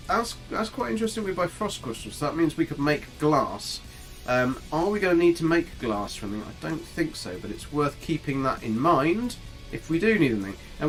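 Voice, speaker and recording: Male streamer, casual and chatty, mid-pitched, light music under. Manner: chatty, swears mildly, talks to his character and viewers. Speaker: gaming streamer. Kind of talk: casual live gameplay commentary.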